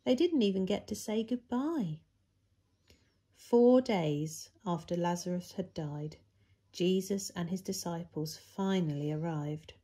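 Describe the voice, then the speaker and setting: Brief: woman storyteller for kids, low-pitched, slow, expressive delivery. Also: husky. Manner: expressive, big leaps in pitch and loudness for emphasis. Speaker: children's church storyteller. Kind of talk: reading a Bible story to children.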